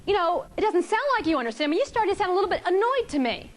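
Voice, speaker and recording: A woman voicing a casual husband who gets defensive, then angry and fast-talking. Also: very high voice, big pitch swings. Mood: accusing. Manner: breezy, then fast and heated.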